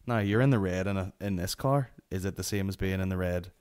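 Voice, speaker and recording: A man's voice: low-pitched, brisk, a little mellow, clean tone. Sweary Northern Irish man telling stories. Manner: sweary, rambling anecdotal delivery. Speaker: podcast host. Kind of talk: solo comedy podcast storytelling.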